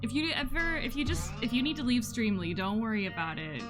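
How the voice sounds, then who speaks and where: A woman's voice: fairly high pitch, sing-song, a little fast, over music. Chatty woman streaming a story game. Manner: chatty, talks to chat while reading game text. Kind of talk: casual let's-play commentary.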